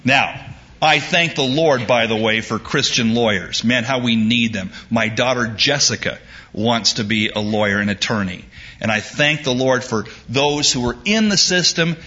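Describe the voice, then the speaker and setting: A man's voice: medium pitch, normal speed, sharp tone. A middle-aged man preaching a sermon in a folksy, joke-telling way, in a dull lo-fi recording. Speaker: pastor.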